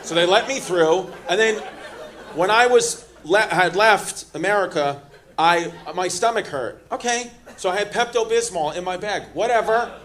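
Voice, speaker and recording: Brash New stand-up comedian. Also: male voice, sits high. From Queens, New York. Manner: brash, rapid-fire teasing of the audience. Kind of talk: stand-up with crowd work. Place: comedy club stage. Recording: comedy club with loud laughing crowd.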